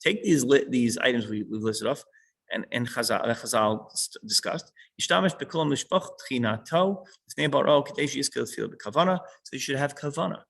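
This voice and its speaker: A man's voice: mid-range voice, expressive, a little fast, vocal fry, a bit bright, rough recording. A man teaching a small class who reads a line of text and then patiently unpacks it.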